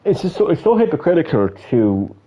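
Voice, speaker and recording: A man's voice: fairly high pitch, big pitch swings, brisk, mellow, breathy edge, lo-fi sound. An Irish man giving a casual, rambling opinion monologue full of fillers and swearing. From Ireland. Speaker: video creator.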